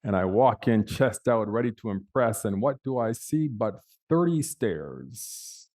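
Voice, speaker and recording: A man's voice: fairly low pitch, lively intonation, a little slow, a little mellow. A man on a panel telling a personal story in a vivid, dramatic way with big swings in emphasis. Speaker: panel speaker.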